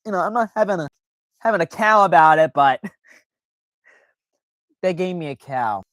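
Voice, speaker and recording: A man's voice: on the high side, fairly quick, long pauses, dry recording. Guy rambling on his stream, lots of likes and you knows, goes big and playful sometimes, dry mic. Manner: rambling, many fillers and restarts; animated, jumps into playful exaggerated quoted voices. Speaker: livestream host. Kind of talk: casual livestream chat.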